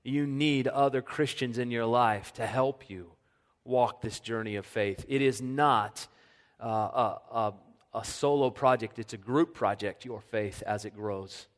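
A man preaching a sermon as a pastor, earnest, sinking to a soft hush when he speaks God's words. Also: mid-range voice, measured pace. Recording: long reverb of a church hall.

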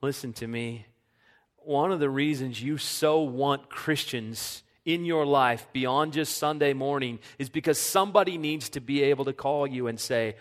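A man preaching a sermon as a pastor, earnest, sinking to a soft hush when he speaks God's words. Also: medium pitch, measured pace. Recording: long reverb of a church hall.

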